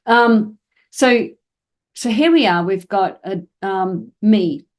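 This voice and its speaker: A woman's voice: mid-range voice, slow. A woman hosting a podcast about dog training, explaining in a casual, conversational way with frequent fillers and acted-out examples.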